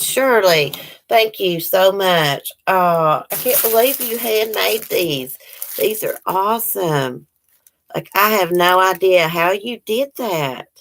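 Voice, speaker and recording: A woman's voice: lowish voice, a little hiss or hum, low-quality recording. A woman chatting casually to her viewers at home, gushing and apologetic. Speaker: vlogger opening mail. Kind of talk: casual chat to camera. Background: dogs barking now and then.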